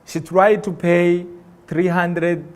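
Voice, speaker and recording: Slow, impassioned man. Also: high-pitched, flat delivery. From Rwanda. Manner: impassioned, acts out dialogue, swings loud and soft. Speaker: motivational speaker. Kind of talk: emotional storytelling talk on stage. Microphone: stage microphone.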